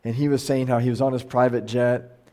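A man's voice: mid-range voice, level tone, a little fast, dark tone. A middle-aged man teaching a Bible study as a pastor, talking casually and animatedly, with frequent restarts and quoted voices acted out. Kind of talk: casual conversational sermon.

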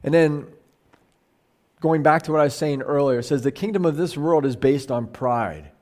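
A middle-aged pastor uses a fairly high, expressive, slightly mellow voice at normal speed to teach a Bible study. He keeps it casual and animated, like a conversational sermon, often restarting and acting out the voices he quotes.

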